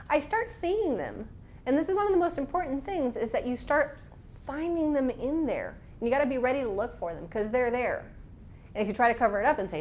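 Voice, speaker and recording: A woman's voice: fairly high pitch, expressive, a little fast, a little hiss or hum. A woman instructor leading a class, talking frankly and casually, with personal stories. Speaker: workshop instructor.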